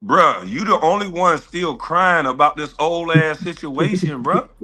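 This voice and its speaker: Sex: man. Role: streamer, former pro player. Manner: taunting, bright-toned. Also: a little high, expressive, measured pace, soft background music. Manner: taunting, dismissive, swears a lot. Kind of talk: heated casual argument.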